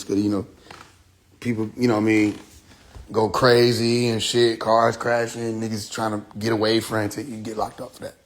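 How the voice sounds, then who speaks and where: A man talking on a phone livestream in a loose, animated rant, swearing freely and laughing at his own jokes. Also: on the low side. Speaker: live streamer.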